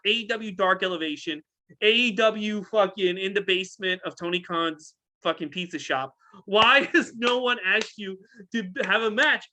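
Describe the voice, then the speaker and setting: A man's voice: high-pitched, pushed and bright. A young man co-hosting a casual podcast, ranting heatedly and swearing a lot. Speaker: podcast co-host. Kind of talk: casual wrestling podcast rant.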